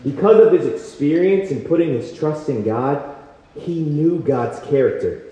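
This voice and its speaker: A young man preaching a passionate sermon at a campus retreat, telling a personal story with lively quoted voices. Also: on the high side, measured pace. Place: large hall at a retreat. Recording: echoey hall, dull sound.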